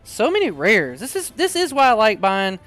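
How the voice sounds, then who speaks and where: A man hosting a casual card-opening video, chatting excitably and reading card text aloud. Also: high-pitched, moderate pace, faint music behind. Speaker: card-opening channel host. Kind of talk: casual unboxing chat.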